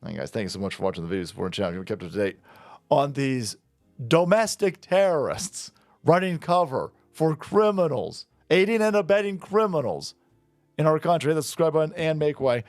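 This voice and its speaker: A man's voice: a little high, very animated, a little fast, darkish tone, no echo, soft background music. Indignant ranting male commentator. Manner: sarcastic, indignant, swearing. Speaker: political commentator.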